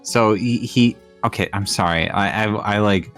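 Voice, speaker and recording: A man's voice: on the low side, a little slow, fairly bright tone, soft background music. Teasing, stammering man. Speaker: guest streamer. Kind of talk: casual chat.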